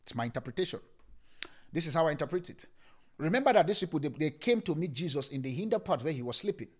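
Animated Nigerian pastor preaching a sermon. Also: male voice, fairly high pitch, fast. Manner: animated preaching, shouting scripture then dropping to a calm hush.

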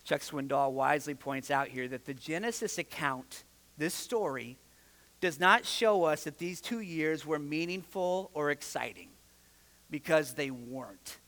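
A male pastor preaching a sermon, telling the story with lively, animated delivery and acting out the characters' lines. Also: on the high side, unhurried. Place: church sanctuary. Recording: church hall with long reverb.

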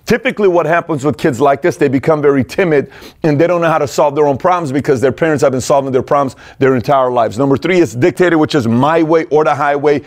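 Man, middle-aged, talk show host, casual energetic delivery, slightly high voice. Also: fast talker. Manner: energetic, acts out quoted parents in raised voices. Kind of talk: casual direct-to-camera talk.

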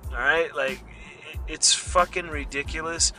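A man's voice: fairly high pitch, steady tone, measured pace, bright, forceful tone, soft background music. A middle-aged man hosting a podcast, delivering a heated, profanity-laden rant. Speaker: podcast host. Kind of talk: ranting monologue.

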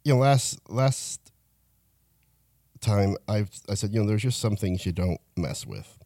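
A man with a lowish, mellow voice co-hosts a casual podcast, dropping dry, teasing remarks. The sound is close and dry, with no echo. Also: animated, a little slow. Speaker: podcast co-host. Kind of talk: casual chat.

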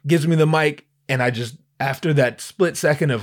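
A man hosting a podcast, telling a story in a casual, animated way, with lots of stammering restarts and profane slang. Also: fairly high pitch, normal speed, hardly any pauses. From Southern California. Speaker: podcast host.

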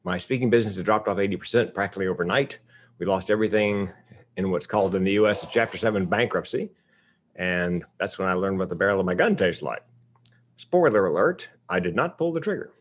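A man in his fifties from the United States, telling a personal story in a public talk with comic timing and deadpan asides. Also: low voice, quick pace, slight background noise. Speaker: speaker.

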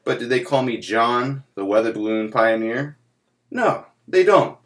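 A man voicing his boastful old uncle, a builder who complains, loud and emphatic, that nobody credits his work. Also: mid-range voice, animated, unhurried. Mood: aggrieved boasting. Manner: proud, indignant, emphatic.

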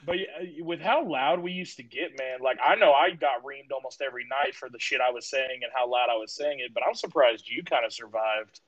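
A man's voice: mid-range voice, fairly quick, few pauses, fairly bright tone, dull audio. A young man co-hosting a podcast, joking crudely and rambling in casual chat. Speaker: podcast co-host.

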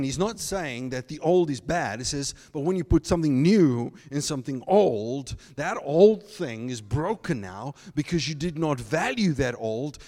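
A man preaching a sermon as pastor, animated, slipping into mocking asides in put-on voices. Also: a little high, in a large hall. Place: church.

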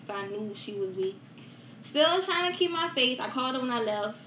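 A young woman as a guest, telling a personal loss in a soft, halting way with many fillers and repetitions, in a roomy, noisy recording. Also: fairly high pitch. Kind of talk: emotional personal story in a podcast chat. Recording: roomy echo with steady background noise.

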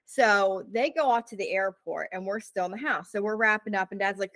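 A woman's voice: mid-range voice, fairly quick, few pauses, no room sound. Woman on a podcast telling a story, lots of like and you know, dry close sound. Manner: animated, fills with "like" and "you know", acts out quotes. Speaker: podcast co-host. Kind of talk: casual storytelling chat.

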